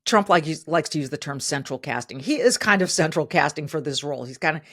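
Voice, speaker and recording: Emphatic woman host with lively pitch. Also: fast talker. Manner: emphatic, animated, repeats phrases for stress. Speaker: podcast host. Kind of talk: opinion commentary.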